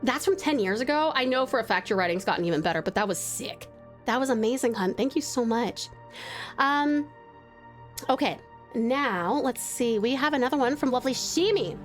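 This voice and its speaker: A woman's voice: a little high, lively intonation, normal speed, soft background music. A woman from Australia chatting with her live-stream chat and reading viewer stories aloud, bubbly and giggly, gasping often.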